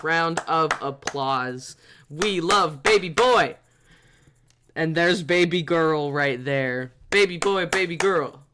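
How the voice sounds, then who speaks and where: A streamer giving live gameplay commentary, giddy and laughing constantly, with excited exclamations. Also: medium pitch, takes it slowly, background noise.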